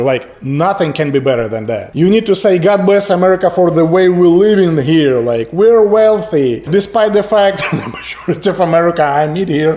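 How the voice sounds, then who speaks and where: A man's voice: on the high side, dark tone. A Ukrainian-accented man ranting to camera in a casual vlog, swearing freely and laughing mid-sentence. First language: Russian. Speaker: YouTuber.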